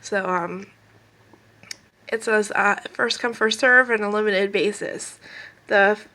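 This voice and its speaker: A woman's voice: mid-range voice, fairly even intonation, takes it slowly, pushed and bright, low-quality recording. A woman with a stuffed-up, sniffly nose giving a casual pick-a-card tarot reading at home, chatting and rambling straight to her viewers. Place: at home with kids and a puppy nearby.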